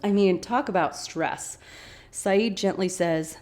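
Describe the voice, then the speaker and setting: A woman hosting a podcast, casually recapping a TV episode with animated, chatty asides. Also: mid-range voice, slow. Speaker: podcast host.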